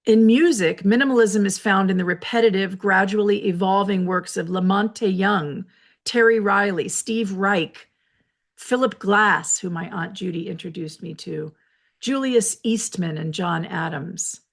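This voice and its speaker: With a mid-range voice, this host gives a thoughtful solo talk from her office. Her explanations are measured and lecture-like, mixed with personal asides.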